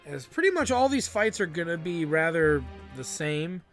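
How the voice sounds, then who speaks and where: A man's voice: fairly high pitch, sing-song, normal speed, a bit bright. A man giving casual, laid-back gameplay commentary with chatty asides. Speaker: let's play host. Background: game music.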